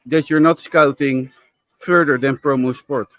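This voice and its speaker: A man's voice: mid-range voice, steady tone, a little slow, a bit bright. A man co-hosting a football podcast, giving frank, opinionated views with some repeated words. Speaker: podcast co-host. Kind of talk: casual football podcast chat.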